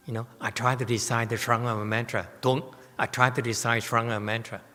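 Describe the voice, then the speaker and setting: A man's voice: medium pitch, flat delivery, fairly quick, bright, forceful tone, in a large hall. A man giving a Buddhist dharma talk, telling stories animatedly and tossing rhetorical questions to his listeners. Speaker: Buddhist teacher. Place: temple hall.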